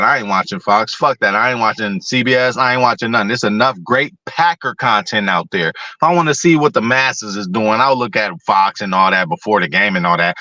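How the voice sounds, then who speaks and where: A man's voice: lowish voice, sharp tone, dry recording, dull audio. A man hosting a casual sports talk show, rambling and profane, talking to his viewers by name. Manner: talks to chat viewers by name.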